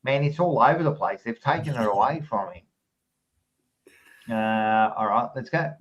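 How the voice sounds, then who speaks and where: A man's voice: medium pitch, moderate pace, far from the mic, rough recording. Rambling Australian man signing off a stream. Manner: rambling, excitable, swears freely. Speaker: fan podcast host. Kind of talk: casual live-stream sign-off.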